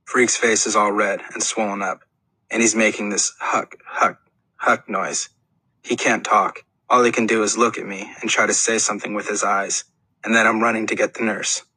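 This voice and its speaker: A man's voice: fairly low pitch, flat delivery, normal speed, bright, forceful tone, slightly rough, no room sound, rough recording. A man reading a first-person audiobook in an earnest, plain storytelling manner. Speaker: audiobook narrator.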